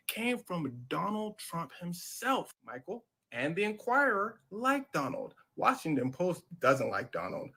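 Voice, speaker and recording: A man with a gravelly, husky voice tells a story on a podcast. He gets dramatic and slangy, and he acts out every character's lines himself. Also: fairly high pitch, fairly bright tone. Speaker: podcast host.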